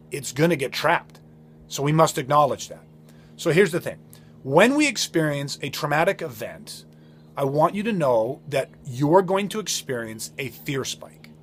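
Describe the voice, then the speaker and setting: A man with a somewhat high voice speaks as a podcast host. He talks earnestly and with emphasis. He often repeats and restarts words as he works through his points. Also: slight background noise. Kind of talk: motivational podcast talk.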